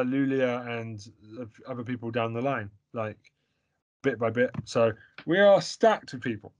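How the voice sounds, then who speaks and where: A man's voice: mid-range voice, a bit bright. A man hosting a casual podcast over a remote call, rambling and jokey and prone to fits of giggles. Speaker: podcast host. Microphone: remote call recording.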